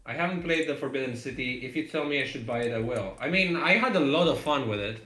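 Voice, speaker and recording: A man's voice: medium pitch, lively intonation, fast, sharp tone, echoey room. A man co-hosting a game development live stream, chatting casually and rambling with lots of fillers and laughs.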